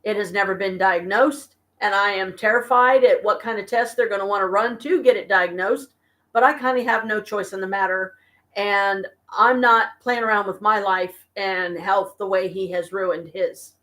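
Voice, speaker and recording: A worn-out woman talks to her viewers from her apartment in a casual live stream. She vents slowly and haltingly, with pauses and restarts. Her voice sits at an ordinary middle pitch. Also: a bit bright. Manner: weary, venting, slow and halting. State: exhausted and stressed. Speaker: vlogger talking to viewers. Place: home apartment.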